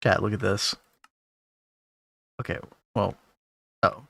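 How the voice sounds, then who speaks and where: A man's voice: fairly low pitch, level tone, slow pace, gravelly, a bit bright, no room sound. A man streaming a game and joking with chat and his wife in playful, self-mocking banter. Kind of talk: casual gameplay stream chat.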